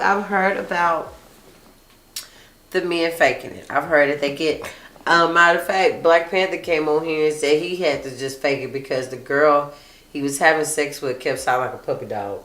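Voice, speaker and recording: A woman's voice: deep voice, normal speed, fairly bright tone. A woman hosting a casual chat show, reading live comments aloud and talking bluntly with lots of swearing and laughter. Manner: blunt, profane, laughing often. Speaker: host. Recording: echoey room.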